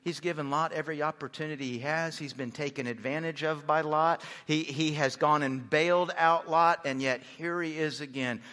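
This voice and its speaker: A man's voice: a little high, steady tone, normal speed, few pauses, pushed and bright. A man preaching a sermon in a conversational, humorous way, often restarting his sentences. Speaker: pastor. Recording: long reverb of a large hall.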